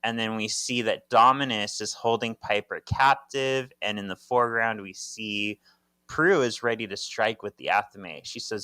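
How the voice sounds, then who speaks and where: A man's voice: lowish voice, steady tone, moderate pace, pushed and bright, smooth, no echo. Man with a dry, close podcast voice. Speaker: podcast co-host. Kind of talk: casual recap chat.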